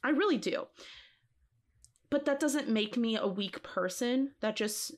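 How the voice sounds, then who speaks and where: A woman co-hosting a podcast in casual chat, talking in an expressive, emphatic way and laughing often. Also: fairly high pitch, unhurried. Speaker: podcast co-host.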